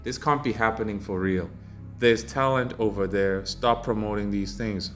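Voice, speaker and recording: Heated, mocking low-voiced man. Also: steady tone, moderate pace, soft background music. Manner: mocking, heated, rises to loud exasperated outbursts. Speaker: commentary channel host. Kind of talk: ranting commentary reading comments.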